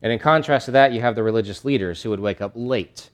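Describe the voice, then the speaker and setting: A male pastor preaching a sermon, animated and conversational, acting out scenes from scripture. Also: mid-range voice, fast. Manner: animated, acts out disciples' voices.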